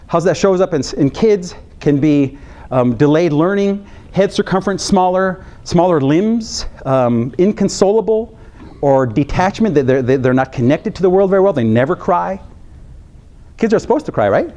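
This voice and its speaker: A man from the United States, a health psychologist, giving an animated training lecture to counselors, repeating key phrases for emphasis and joking with the audience. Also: high-pitched, normal speed, highs cut off.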